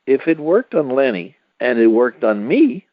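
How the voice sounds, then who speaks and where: A man hosts a radio talk show in an earnest, persuasive, halting way. His pitch is average. The sound is tinny and phone-like, with a dry, close tone. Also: sing-song, no echo.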